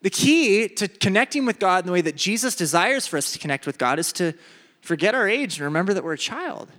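A young man preaching a sermon, animated and acting out the people in his stories. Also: high-pitched, fairly quick. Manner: animated, acts out voices in stories. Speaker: pastor. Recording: echoey hall.

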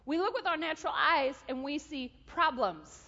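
A woman preaching a sermon, telling a story and acting out dialogue with lively energy. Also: high voice, moderate pace. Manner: animated, acts out dialogue with God. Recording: dull sound in a large reverberant hall.

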